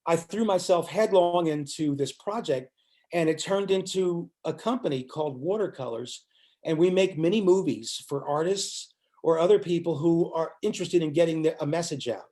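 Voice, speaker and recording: A man's voice: a little high, normal speed. An older man, a musician guest in an interview, telling a story and acting out the lines of the people in it. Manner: animated storyteller acting out quotes.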